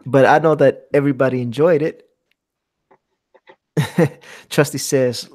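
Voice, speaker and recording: Guy hosting a live art stream, reads chat out slow, keeps laughing. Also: medium pitch, fairly even intonation, darkish tone. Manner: laughs often while reading chat. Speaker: host of a live art hangout. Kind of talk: casual live-stream chat, reading comments aloud.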